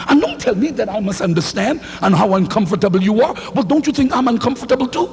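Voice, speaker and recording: A man preaching a sermon in a church, swinging into shouted lines and calling for responses from the congregation. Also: very high voice, very animated, brisk, few pauses. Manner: fiery, rising to shouts, call-and-response. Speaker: pastor. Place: church sanctuary. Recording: hall reverb, faint hum.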